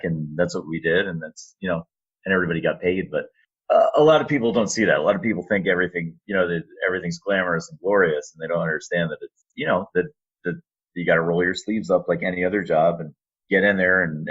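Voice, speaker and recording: A man with a very low, deep voice tells stories with animated energy, acting out quoted lines as he goes. He sounds like a guest on a casual podcast. The audio is a little dull and lo-fi. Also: quick pace, breathy edge. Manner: animated storyteller, acts out quotes. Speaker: podcast guest, announcer and voice actor. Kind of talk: casual storytelling interview.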